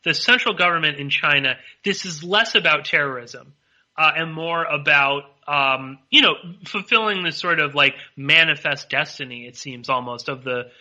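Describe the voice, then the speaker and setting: A man's voice: on the high side, moderate pace, pushed and bright. A male podcast host in a political discussion, who hesitates and restarts often. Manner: hesitant, many fillers and restarts.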